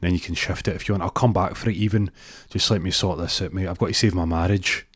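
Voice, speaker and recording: A flustered, wealthy pig owner pleads and rambles in a Scottish accent, as a man puts him on in his own low voice. The sound is dry and close. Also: steady tone, fast, slightly rough, no room sound. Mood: pleading.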